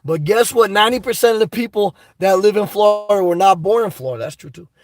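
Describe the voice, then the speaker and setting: On a live stream, a male host goes through the chat and rants excitedly, full of swearing and filler-heavy rambling. He's high-pitched and talks fast, captured on a poor-quality recording.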